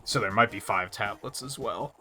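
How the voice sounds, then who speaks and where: A man's voice: on the low side, normal speed, bright, forceful tone, faint music behind. Rambling male game streamer. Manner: rambling, restarts, swears casually. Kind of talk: casual let's-play commentary.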